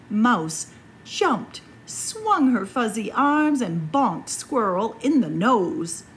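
A woman, a children's librarian, reading a picture book aloud to kids in a slow, expressive storytelling voice. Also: fairly high pitch, a little hiss or hum.

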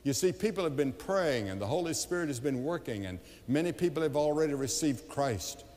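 A man evangelist delivering a revival sermon to a large crowd, emphatic and building to loud appeals, recorded live in an arena. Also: a little high, animated, a little fast. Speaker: evangelist preacher. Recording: long hall reverb, live event.

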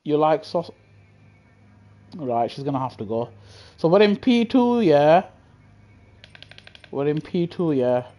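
Joking British streamer in a headset. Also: male voice, on the high side, sing-song, takes it slowly, pauses often, warm tone. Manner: joking banter with chat, slangy, laughs often. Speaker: gaming streamer. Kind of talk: live gameplay commentary. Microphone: gaming headset.

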